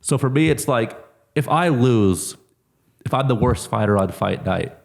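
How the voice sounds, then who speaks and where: A man being interviewed as a fighter, talking casually with lots of "like" and growing lively when he tells stories. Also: mid-range voice, unhurried, creaky. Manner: relaxed, heavy use of "like", lively when telling stories. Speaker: MMA fighter, interview guest.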